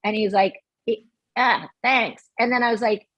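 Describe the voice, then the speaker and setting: Husky-voiced woman telling a lively story. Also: a little high, measured pace, no echo, muffled recording. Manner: animated, acts out quoted dialogue. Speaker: podcast guest. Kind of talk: casual storytelling chat.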